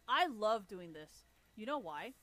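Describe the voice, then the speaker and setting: A woman's voice: medium pitch, sing-song, unhurried, pushed and bright. A woman on a livestream ranting with a profane, taunting, sarcastic manner. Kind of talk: livestream rant.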